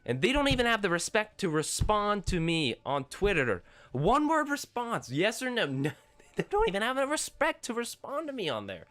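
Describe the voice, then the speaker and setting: A man's voice: sits high, wildly swooping pitch, normal speed, a bit bright. Exasperated teenage boy ranting. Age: teens. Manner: exasperated, sarcastic, rambling with restarts. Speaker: gaming YouTuber. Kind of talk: ranting vlog commentary.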